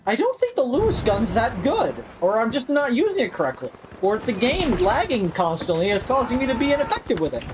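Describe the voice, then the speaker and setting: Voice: medium pitch, sing-song, brisk, few pauses, noisy background. A friend on a gaming stream making dry, teasing remarks in casual chat.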